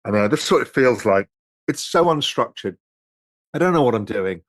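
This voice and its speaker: A man hosting a relaxed live stream over drinks, answering viewer questions in a loose, rambling way and swearing freely. His voice sits at a middling pitch and is recorded close and dry, with no room echo. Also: normal speed. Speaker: host reading viewer questions.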